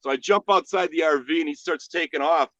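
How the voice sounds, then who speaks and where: Profane bright-voiced man. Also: fairly high pitch, fairly quick, dry recording, highs cut off. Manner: profane, animated storytelling. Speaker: livestream host. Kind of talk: casual chat.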